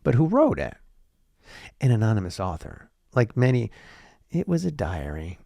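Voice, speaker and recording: A man with a low, gravelly voice rambles through a solo podcast monologue. He throws in profane, sarcastic asides and restarts often. The sound is dry and close. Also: huge pitch swings, moderate pace, dark tone, no room sound. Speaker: podcast host.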